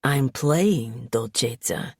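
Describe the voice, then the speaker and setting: A woman reading an audiobook, voicing a brooding male mafia man from New Jersey who talks in a low, drawling, menacing way. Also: expressive, slow, darkish tone, breathy edge, no echo, clean studio sound, exaggerated voice. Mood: cool drawl. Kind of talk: audiobook character voice.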